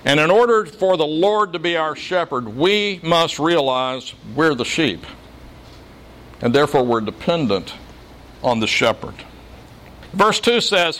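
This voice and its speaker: A man's voice: fairly high pitch, animated, a little slow, a bit bright. A middle-aged man preaches in a plain, conversational way. He mixes scripture with homely stories and dry humor. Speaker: pastor. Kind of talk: sermon.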